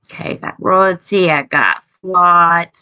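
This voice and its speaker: Forties female streamer, slow and blunt, bright voice, dry lo-fi mic. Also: on the low side, clear, resonant tone, no room sound. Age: 40s. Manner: blunt, profane, drawling. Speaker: livestream host. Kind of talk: casual live-stream chat. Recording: dry, slightly dull lo-fi stream audio.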